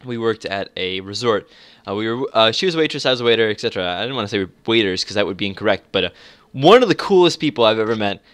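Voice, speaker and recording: A man's voice: lowish voice, lively intonation, quick pace, a bit bright, no echo. A young man chatting casually while playing a game, rambling with lots of restarts and frequent laughter. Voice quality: rambling, many fillers and restarts, laughs often. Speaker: gamer.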